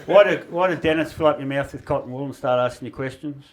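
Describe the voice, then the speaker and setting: A middle-aged Australian man with a medium-pitched voice talks fast while doing stand-up in a backyard shed for a small live audience. The comedian rambles through his stories and laughs at his own jokes.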